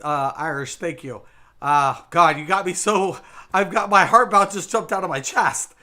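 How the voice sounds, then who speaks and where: A man's voice: high voice, moderate pace, pushed and bright. A man streaming a game live, chatting casually with viewers in a rambling, emphatic way, repeating words and saying "dude" a lot. He sounds a little tipsy.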